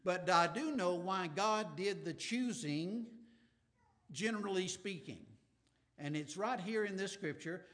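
A man's voice: sits high, animated, measured pace, fairly bright tone. A man preaching a sermon, earnest, stretching key words and checking in with frequent "right?" asides. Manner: restarts and stammers, light sarcastic teasing. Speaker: pastor.

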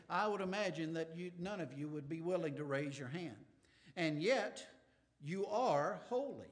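High-voiced man preaching earnestly. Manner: earnest, drawn-out emphasis with frequent "right?" asides; restarts and stammers, light sarcastic teasing. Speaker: pastor. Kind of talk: sermon.

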